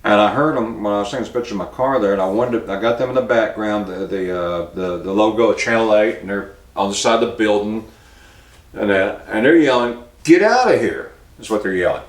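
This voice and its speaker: A man hosting a local news commentary show, talking in a plainspoken, halting way and cueing a producer to put up pictures. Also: on the low side, steady tone, echoey room. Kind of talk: casual spoken commentary.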